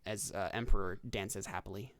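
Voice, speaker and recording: A man running a tabletop game as dungeon master over a voice call, calmly calling out rolls and damage. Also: on the low side, moderate pace, a little hiss or hum. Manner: relaxed, steady, calls out rolls and damage.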